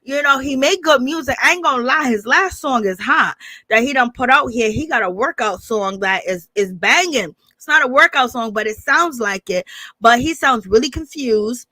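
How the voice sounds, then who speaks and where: Woman, gossip stream host, casual commentary, slightly high voice, dry close sound, chatty, greets viewers. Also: lively intonation, moderate pace, bright, forceful tone, no echo. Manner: chatty, greets viewers by name, calls them baby.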